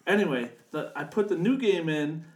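A man co-hosting a casual gaming podcast, telling animated stories and swearing freely. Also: fairly high pitch, normal speed, roomy sound. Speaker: podcast co-host. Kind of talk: casual chat.

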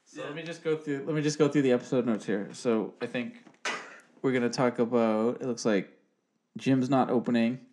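A man's voice: mid-range voice, fairly even intonation, moderate pace, darkish tone, soft background music. A man in his forties co-hosting a podcast in loose, joking chat, swearing freely. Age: 40s. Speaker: podcast co-host. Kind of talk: casual chat.

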